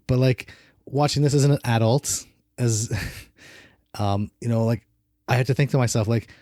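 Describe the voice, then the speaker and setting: A man giving strong opinions in a casual podcast chat about films. His voice is mellow and dark, and he rambles and restarts his sentences. The sound is dry and close to the mic. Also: on the low side, dry recording. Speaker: podcast co-host. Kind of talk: casual film review chat.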